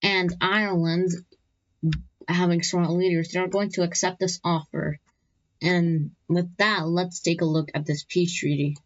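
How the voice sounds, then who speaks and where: A woman's voice: fairly low pitch, level tone, muffled recording. A woman narrating a map video in casual, unscripted style, often stumbling and repeating words as she goes. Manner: halting, frequent restarts and repeated words.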